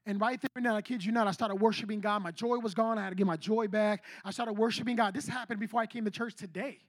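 A man preaching a sermon in a lively, conversational way, telling a personal story and often saying he is not kidding. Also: high-pitched, fast, dry recording. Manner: animated, conversational, repeats "I kid you not".

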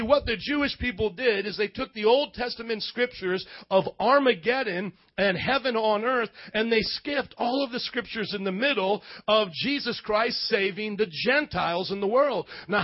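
High-voiced preacher guy, really animated, calling out to the crowd, kinda muffled audio. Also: normal speed, few pauses. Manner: animated, call-and-response with congregation. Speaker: pastor. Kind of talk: sermon.

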